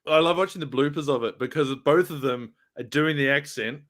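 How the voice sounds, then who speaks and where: A man's voice: fairly high pitch, brisk, fairly bright tone. A man from New Zealand with a New Zealand accent, rambling jokily and laughing often as a guest in a casual chat.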